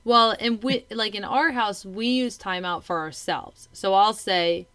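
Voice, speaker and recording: A woman's voice: medium pitch, measured pace, a bit bright, clean tone, no room sound. A woman, a parent, explaining her views thoughtfully in a casual conversation with many fillers.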